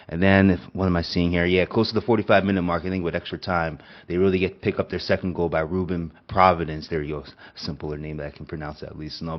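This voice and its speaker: A man's voice: low-pitched, muffled recording. A man hosting a sports podcast in a casual, rambling way, a little nasal from a cold, with a habit of tacking on filler phrases. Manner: rambling, repeats "and all too as well". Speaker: podcast host.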